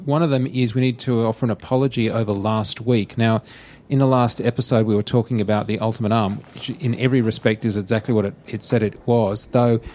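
A man's voice: medium pitch, steady tone, darkish tone. Frank man reviewing gear on a podcast. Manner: frank and wry, with quick blunt verdicts. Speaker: podcast co-host.

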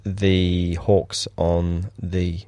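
In a relaxed podcast chat between friends, a cinematographer co-host talks casually about shoots, rambling, swearing a little, and breaking into lively acted-out quotes. His fairly low voice is very slow and recorded dry and close to the mic with no echo.

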